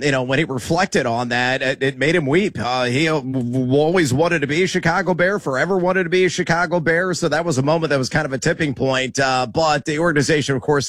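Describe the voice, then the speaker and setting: A man co-hosting a sports radio show, giving measured analysis with frequent "uh"s. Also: a little high, a bit bright, no echo.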